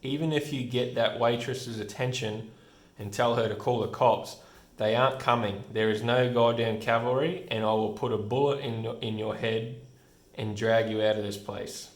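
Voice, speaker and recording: A man's voice: medium pitch, fairly even intonation, normal speed, natural voice. A man reading out the lines of a menacing male gang thug, coldly threatening, in a roomy echoing space. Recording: roomy echo.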